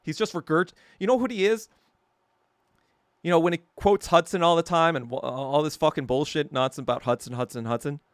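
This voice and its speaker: A man's voice: on the high side, fairly even intonation, a little fast, smooth, dry recording, studio quality. A man hosting a podcast, telling a story in a heated, profane, sarcastic rant. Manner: sarcastic, laughing at himself. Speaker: podcast host. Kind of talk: casual rant.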